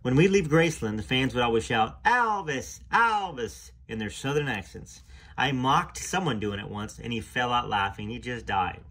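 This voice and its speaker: Husky-voiced man reading a memoir aloud. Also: medium pitch, a bit bright. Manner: earnest, emotional reading with pauses to comment. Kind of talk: reading aloud with spoken asides.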